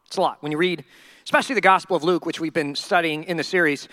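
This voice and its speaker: A male pastor preaching a sermon in a humorous, animated storytelling way. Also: a little high, quick pace, no echo, studio quality.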